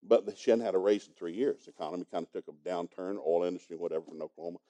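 A man's voice: deep voice, very fast, dark tone. An older man preaching a sermon in a folksy, emphatic and humorous storytelling manner.

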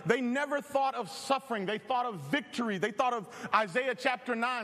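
A man preaching a sermon with lively, animated delivery and bursts of shouting. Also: very high voice, moderate pace, hardly any pauses, long reverb tail. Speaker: pastor.

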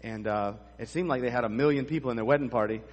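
Husky pastor preaching in a reverberant church. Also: male voice, mid-range voice, quick pace. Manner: storytelling, conversational preaching with asides to the congregation. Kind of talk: sermon. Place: church sanctuary. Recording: long hall reverb.

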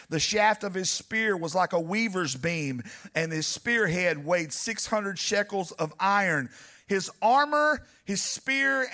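A male preacher delivering a dramatic sermon and speaking straight to his congregation. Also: sits high. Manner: dramatic, builds to near shouting, speaks to the congregation directly. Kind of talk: animated sermon.

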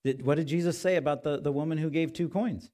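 A man's voice: a little high, fast, warm tone. A male pastor giving a conversational sermon in a church, often asking his listeners rhetorical questions.

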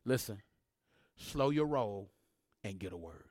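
A man preaching a sermon as pastor, leading call-and-response and swinging between hushed, drawn-out lines and loud, rising ones. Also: on the low side, animated, no room sound, clean studio sound.

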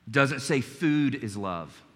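A man's voice: mid-range voice, animated, takes it slowly, long reverb tail. A man in his forties preaching a sermon, telling a personal story in an earnest, emphatic way. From North Carolina. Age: 40s. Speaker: pastor.

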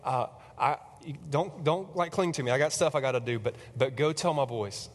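A man's voice: mid-range voice, moderate pace, long reverb tail, close to an everyday voice. A man doing a laid-back, soothing guy. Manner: casual, easygoing reassurance.

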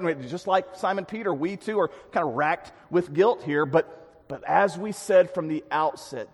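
Man preaching in a reverberant hall. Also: sits high. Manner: earnest, dynamic preaching with emphatic swells and quiet drops. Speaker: pastor. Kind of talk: sermon.

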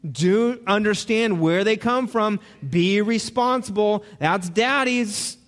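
High-voiced man preaching in a hall. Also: takes it slowly, fairly bright tone. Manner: conversational, asks the congregation questions. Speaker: pastor. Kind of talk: sermon.

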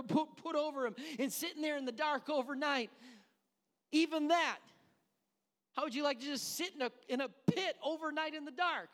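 A male pastor with a remarkably high voice for a man delivers a fervent sermon. He pushes into shouted lines and stretches key words out slowly for weight. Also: in a large hall. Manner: impassioned, shouting climaxes, slowing for emphasis; drops to a soft, low near-whisper at the close.

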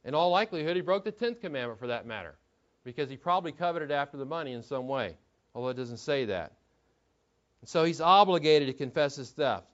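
A man's voice: fairly high pitch, lively intonation, brisk. A man preaching an expository sermon in a conversational way, asking the listeners rhetorical questions. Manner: conversational, asks rhetorical questions, repeats words while thinking. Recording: dull lo-fi recording.

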